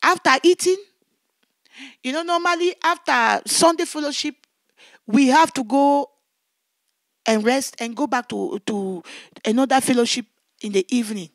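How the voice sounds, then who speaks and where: Woman evangelist, very high voice, emotional testimony, repeats words, dry close sound. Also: moderate pace, long pauses, dry recording. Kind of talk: testimony preaching.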